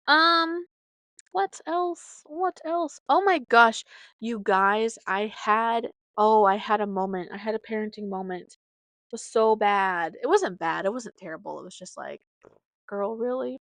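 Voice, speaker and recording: A woman's voice: mid-range voice, a little slow, a bit bright, no room sound. Woman in her 30s just chatting on her pod, rambly, dry close mic. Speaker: podcast host. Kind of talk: casual solo chat.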